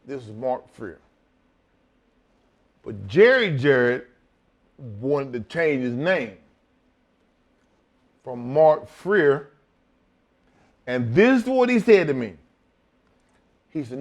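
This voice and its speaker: A man's voice: medium pitch, takes it slowly, pauses often, dull audio. A man, a former wrestler, telling a profane backstage story as a guest in a casual chat, acting out both sides of the conversation. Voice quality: profane, animated retelling.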